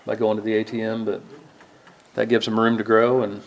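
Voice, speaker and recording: A man's voice: lowish voice, monotone, a little fast. A man chairing a public board meeting, calling motions and votes and reading agenda items aloud.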